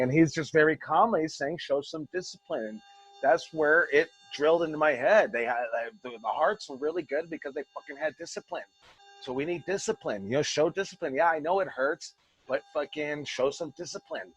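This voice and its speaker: A man's voice: mid-range voice, husky. A man coaching wrestling students over a video call, rambling and passionate, swearing freely. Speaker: wrestling school head coach. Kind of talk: casual online class talk.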